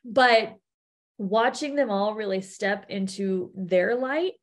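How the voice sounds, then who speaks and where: A woman in her thirties, a podcast guest, telling stories about her daughters in an animated way and acting out what people said. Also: mid-range voice, takes it slowly. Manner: animated storytelling, acts out quotes. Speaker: podcast guest, event co-founder. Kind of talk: casual interview chat.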